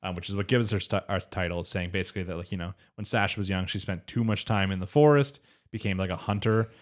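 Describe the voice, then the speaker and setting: Male podcast co-host, low register, loose and rambling recap. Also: quick pace. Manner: rambling, loose, swears casually. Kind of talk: casual chat, recapping an anime episode.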